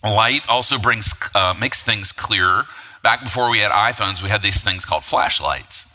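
Forceful low-voiced man preaching in a hall. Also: moderate pace. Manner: conversational, rhetorical asides, frequent fillers. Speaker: pastor. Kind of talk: sermon. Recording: long hall reverb.

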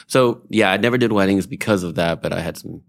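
Deep, fast-talking male guest. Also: creaky. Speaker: guest photographer. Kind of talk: casual interview chat.

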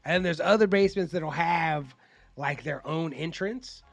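Guest comic: man with a high, gravelly voice, swearing and animated, dry close mic. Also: normal speed, no echo. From South Bay, California. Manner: profane, animated storyteller. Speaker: guest comedian. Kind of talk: casual podcast chat.

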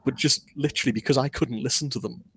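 A man's voice: mid-range voice, fast talker, fairly bright tone, a little hiss or hum. Man, author guest, casual interview, candid, self-deprecating.

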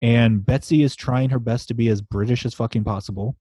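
Male podcast host, mellow tone, dry recording, casual rambling recap style. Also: mid-range voice, fairly even intonation, fairly quick, husky, dry recording. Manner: laid-back, chatty, swears and laughs. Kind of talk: casual comic book recap.

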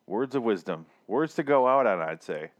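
A man's voice: mid-range voice, animated. A man co-hosting a podcast, riffing in crude, sarcastic banter with his friend. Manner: sarcastic, riffing, quick to mock. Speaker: podcast co-host.

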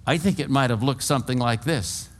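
An elderly man from California preaches to his congregation. He tells stories in a folksy, humorous way and moves freely between quiet asides and raised, emphatic lines. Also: mid-range voice, fairly quick. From California, USA. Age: around 80. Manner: folksy, animated storytelling with humor, swings between hushed and loud. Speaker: pastor. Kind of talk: sermon. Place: church before a congregation.

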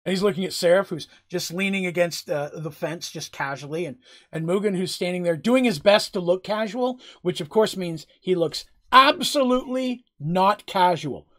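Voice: mid-range voice, a little fast. A game master casually narrating and answering questions during a tabletop game. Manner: casual, chatty, asks "right?" often.

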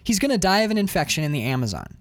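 A man's voice: on the high side, racing, no room sound. A man co-hosting a casual film talk, retelling scenes with lots of voices. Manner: animated, acts out characters in quotes. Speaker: podcast co-host.

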